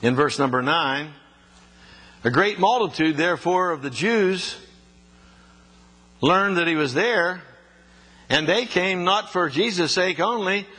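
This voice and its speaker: A man's voice: sits high, lively intonation, unhurried, pauses often, sharp tone, breathy edge. A man preaching a sermon, mixing folksy stories with emphatic scripture reading. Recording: reverberant hall.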